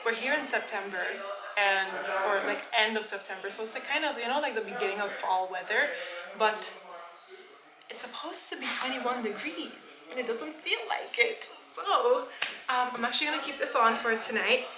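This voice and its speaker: Bubbly female vlogger, higher voice, casual to-camera chat in an echoey apartment. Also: normal speed, crowd noise. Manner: bubbly, chatty, exclamatory, mixes in Dutch words. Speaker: travel vlogger. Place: apartment indoors, with companions.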